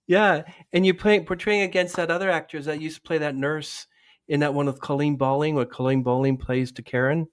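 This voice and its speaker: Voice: mid-range voice, fairly even intonation, brisk, no echo, clean studio sound. A podcast host interviewing an actor, giving frequent supportive murmurs. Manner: supportive backchannels. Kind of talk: casual interview.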